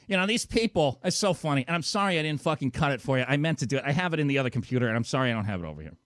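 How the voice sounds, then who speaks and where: Fast, sarcastic ranting man host. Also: mid-range voice, expressive, a bit bright, dry recording, studio quality. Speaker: radio show host. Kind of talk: profane call-in show rant.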